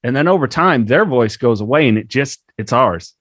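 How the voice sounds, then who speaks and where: A man hosts a podcast interview in an easygoing, affirming way. His voice sits in a middle pitch and is recorded dry, with no room sound. He talks loosely and leans on fillers as he builds his questions. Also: animated, normal speed, a bit bright, dry recording. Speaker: podcast host. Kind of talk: interview conversation.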